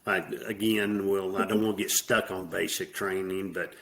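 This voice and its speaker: A middle-aged man from the American South, speaking with a Southern accent, sits as a guest in a casual interview. His deep, slightly bright voice moves little in pitch at a moderate pace, and he talks plainly and at ease with many fillers.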